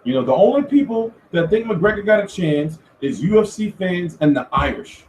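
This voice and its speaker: Give me a profane, animated male host with a lively high voice, recorded from a distance. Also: moderate pace, a little hiss or hum. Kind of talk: casual boxing commentary. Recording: echoey room, far from mic.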